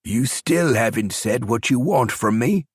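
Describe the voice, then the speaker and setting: A man's voice: mid-range voice, animated, a little slow, husky, no room sound, studio quality, voice pushed up. A man voicing a frightened young male soldier who stammers and pleads. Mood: nervous, desperate.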